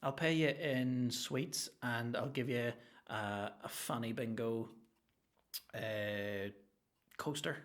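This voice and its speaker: A man's voice: mid-range voice, slow, fairly bright tone. A man hosting a solo comedy podcast at home, rambling and joking with lots of swearing. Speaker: podcast host. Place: home room with green screen.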